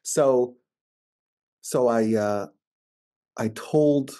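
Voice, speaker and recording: A man's voice: medium pitch, extremely slow, mellow, smooth. A man with a New York accent, a rabbi giving an informal, argumentative teaching talk and often repeating words as he thinks.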